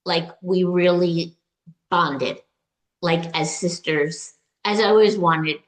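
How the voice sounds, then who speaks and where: A woman with a somewhat low voice speaks as an interview guest, sharing a personal experience. Her telling is halting and emotional, full of fillers, restarts and quoted exchanges. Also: fairly even intonation. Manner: recounts dialogue in quoted voices. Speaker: retreat client, interview guest. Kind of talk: personal story, conversational.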